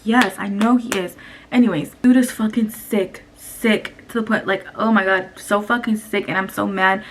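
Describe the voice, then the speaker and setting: At home, a young woman films a casual story-time vlog on a camera mic, venting bluntly and profanely, with faint noise behind her. She speaks at a moderate pace with a medium pitch and fairly even intonation.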